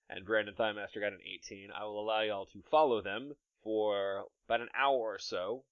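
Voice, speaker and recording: A man's voice: fairly low pitch, dry recording, muffled recording. A man narrating a tabletop game as game master, descriptive and amused, laughing often.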